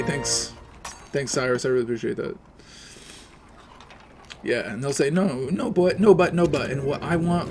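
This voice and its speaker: A man, streaming a game and ranting sarcastically with a lot of swearing. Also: medium pitch. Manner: sarcastic, profane, animated. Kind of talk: casual ranting while playing a game.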